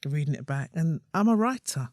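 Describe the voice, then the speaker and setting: A woman guest on a podcast, a comedian and playwright, telling animated stories and acting out what people said. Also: low-pitched, brisk, no echo, studio quality. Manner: animated storyteller acting out voices. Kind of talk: casual podcast conversation.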